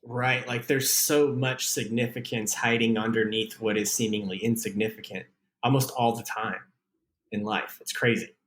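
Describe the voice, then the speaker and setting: A man's voice: mid-range voice, steady tone, moderate pace, a bit bright, slight background noise. A male podcast host with a mid-range voice, chatting casually. He jokes at his own expense and rambles a little. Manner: jokey, self-deprecating, rambling. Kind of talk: casual chat.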